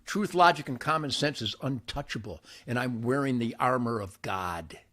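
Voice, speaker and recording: An older man hosting his own show, ranting boastfully to camera by a campfire outdoors, with wild swings between shouting and muttering. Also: lively intonation, moderate pace. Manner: brash, boastful, loud swings in pitch and volume.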